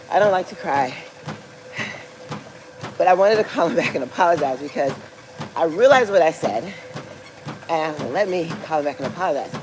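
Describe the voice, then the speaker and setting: A woman's voice: lowish voice, background noise. A woman in her forties telling a personal story in a casual livestream, rambling with lots of fillers and laughing as she talks. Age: 40s. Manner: rambling, filler-heavy, laughs through talk. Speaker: vlogger.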